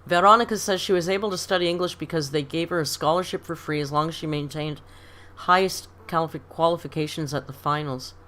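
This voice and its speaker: A Canadian woman in middle age hosts a laid-back livestream, reading viewer comments aloud and spinning chatty stories punctuated by frequent laughter. Her voice is low and a little bright, with fairly even intonation, and she talks fast.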